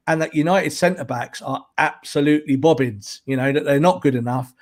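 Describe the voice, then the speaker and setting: A football journalist appears as a guest on a casual podcast chat, his voice a little high. He talks in an animated, emphatic way, repeating words to drive his points home.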